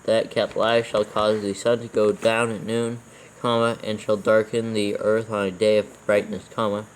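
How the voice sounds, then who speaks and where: A man's voice: lowish voice, moderate pace, a little hiss or hum, low-quality recording. A man reading scripture aloud in a casual proofreading session, calling out commas and capitals as he goes. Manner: reads verses aloud in a level, even tone, calling out punctuation.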